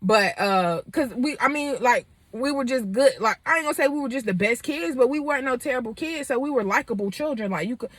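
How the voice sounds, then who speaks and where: A woman in her twenties tells a personal story straight to the camera. She is candid and animated, with plenty of fillers. Her voice sits a little high, and the recording is dry and close. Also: a little fast, hardly any pauses, dry recording. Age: 20s. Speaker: vlogger.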